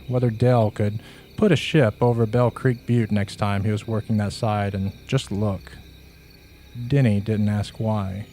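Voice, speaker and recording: A man narrating a first-person horror story in a slow, measured, hushed way. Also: on the low side, slight background noise.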